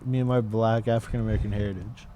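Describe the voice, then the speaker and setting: A man's voice: lowish voice, fairly even intonation, quick pace, muffled recording, a loud crowd. Wisecracking young man, podcast co-host. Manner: wisecracking, joking one-liners. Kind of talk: crude casual banter.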